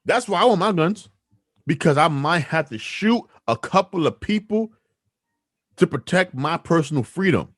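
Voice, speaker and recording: Animated man ranting on a podcast. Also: a little high, moderate pace, no echo, studio quality. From New York City. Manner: emphatic, animated, argumentative. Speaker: podcast host. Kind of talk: opinionated podcast rant.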